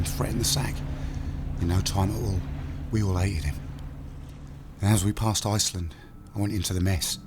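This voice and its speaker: A man's voice: fairly low pitch, background noise, natural voice. An actor playing a dying old man who confesses a long-kept secret to his son in plain, blunt words. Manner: plain-spoken confessional storytelling. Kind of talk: audio drama storytelling. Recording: voice over music underscore. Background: music.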